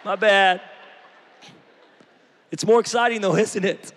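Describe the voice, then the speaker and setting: Male preacher, fairly high voice, animated and joking, heavy hall reverb. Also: fairly quick, pauses often. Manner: animated, joking, shifts from shouting to quiet. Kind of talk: energetic sermon.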